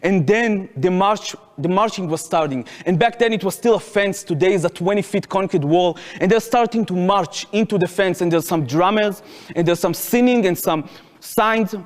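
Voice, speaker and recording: A man's voice: sits high, normal speed, long reverb tail. A man in his twenties with an Israeli accent, retelling his own story to an audience in vivid present tense. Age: 20s. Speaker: speaker at a public talk. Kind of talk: first-person storytelling to an audience. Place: lecture hall.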